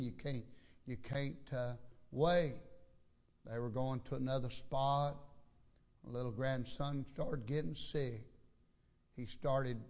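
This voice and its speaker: Folksy older preacher. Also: male voice, mid-range voice. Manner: folksy, emphatic storytelling. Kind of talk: sermon. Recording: lo-fi recording.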